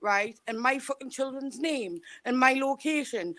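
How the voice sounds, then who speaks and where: A woman's voice: sits high, unhurried, a bit bright, no room sound. Furious swearing woman on a video call. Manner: furious, swearing, threatening rant. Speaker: guest on a live chat stream. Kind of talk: heated live chat.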